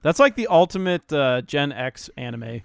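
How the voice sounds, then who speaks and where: A man's voice: a little high, sing-song, moderate pace, gravelly, smooth, no room sound, studio quality. A man co-hosting a podcast in casual chat, easygoing and laughing often. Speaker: podcast co-host.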